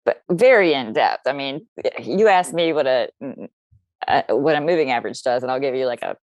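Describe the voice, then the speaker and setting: A woman's voice: a bass voice, animated, moderate pace, dry recording, muffled recording. A woman from the United States chatting casually as a podcast guest, rambling with frequent restarts and self-corrections.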